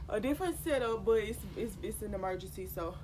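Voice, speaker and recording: Young woman, vlogger, chatty, worked-up, middle pitch, noisy ship background. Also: lively intonation, quick pace. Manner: chatty and worked-up, addresses viewers as y'all. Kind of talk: casual direct-to-camera vlog. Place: cruise ship at sea.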